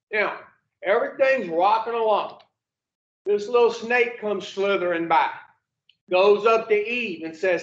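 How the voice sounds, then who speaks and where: Slow high-voiced man teaching a group. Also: lively intonation. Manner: folksy storyteller, mild swearing, calls on listeners. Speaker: addiction recovery group leader. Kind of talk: casual teaching to a recovery group. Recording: echoey room, dull lo-fi sound.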